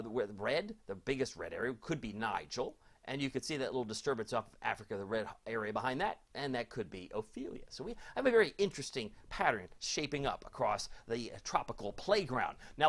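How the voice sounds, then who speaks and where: A man giving a live weather forecast in a chatty, folksy way, talking to viewers like neighbors. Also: mid-range voice. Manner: chatty, folksy, reads viewer comments aloud.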